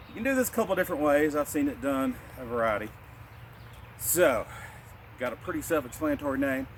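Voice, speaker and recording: Calm man cueing qigong breaths outdoors. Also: on the high side, brisk, slight background noise. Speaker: martial arts instructor. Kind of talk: guided qigong class instruction.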